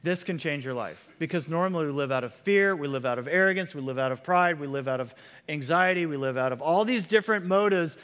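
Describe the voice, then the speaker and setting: Male pastor, earnest sermon delivery, repeats for emphasis, higher-pitched, long church reverb. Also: fast, fairly bright tone, clear, resonant tone.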